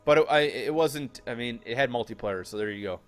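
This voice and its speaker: A man's voice: mid-range voice, brisk. A man co-commentating a video game in a laid-back, rambling way, with some swearing. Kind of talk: casual gaming commentary.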